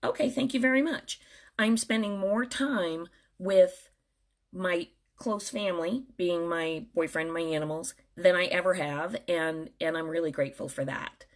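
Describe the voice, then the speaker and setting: A woman's voice: lowish voice, a little slow. A middle-aged woman speaking earnestly and emotionally straight to her viewers in a personal vlog. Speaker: dental professional.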